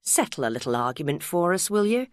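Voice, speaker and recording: A woman's voice: fairly low pitch, big pitch swings, quick pace, no echo, studio quality. A woman reading an audiobook, voicing a casual, slightly reluctant middle-aged man. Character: easygoing middle-aged man, distracted host.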